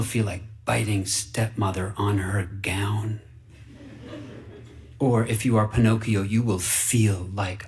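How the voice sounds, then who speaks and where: A man reading a fable aloud for radio in an earnest, wide-eyed way, dropping to hushed whispers and rising into excited bursts. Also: lowish voice, slow pace, a little hiss or hum. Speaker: story reader.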